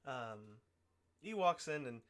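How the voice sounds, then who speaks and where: A man's voice: mid-range voice, lively intonation, slow pace. Casual man narrating a tabletop game. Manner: casual, loose narration with fillers. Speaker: game master.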